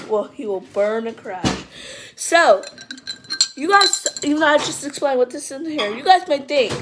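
High-voiced chatty young woman vlogging. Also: background noise. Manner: rambling and chatty, often addresses the viewers as guys; excitable, with frequent fillers and restarts. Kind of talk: casual chat to camera.

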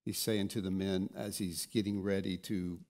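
A man's voice: sits low, flat delivery, moderate pace, darkish tone. Pastor guy preaching, kinda stammery, keeps restarting words, acts out the bible stories. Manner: stammering restarts, dramatic retelling of scripture. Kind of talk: sermon.

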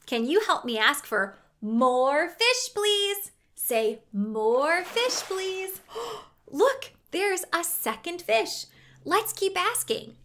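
A woman's voice: very high voice, very animated, extremely slow, a bit bright. A young woman hosting a toddler learning show outdoors, talking and singing in a sing-song way, with gasps and coaxing questions for the children. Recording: ukulele music playing underneath.

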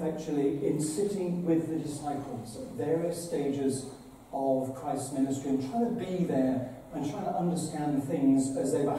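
A man's voice: a little high, dark tone. A man, a bishop, giving an earnest, conversational address to an assembly, with dramatic retellings. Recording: very echoey hall, voice from far off, faint noise.

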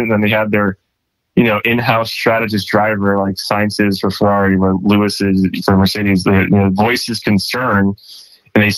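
A man co-hosting a casual sports podcast in a fairly low voice. He talks in a laid-back, swearing way, full of "like" and "you know", and the sound is close and dry. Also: no room sound, low-quality recording. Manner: laid-back, profane, filler-heavy. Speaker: podcast co-host.

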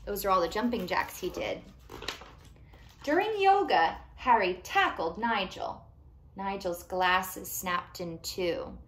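Woman, children's storytime reader, animated, questions to kids, lively pitch. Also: slow, a little hiss or hum. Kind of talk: reading a picture book aloud to young children.

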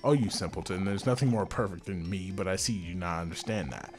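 A man's voice: low voice, fast, faint music behind, voice pushed down, lightly acted. A man voicing a vain, pompous noblewoman who speaks with haughty scorn in a video game. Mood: scornful.

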